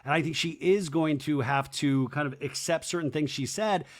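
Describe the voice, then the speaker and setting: A man hosting a podcast, recapping a reality show in casual, animated commentary and acting out quotes in quick mock voices. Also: on the high side. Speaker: podcast host.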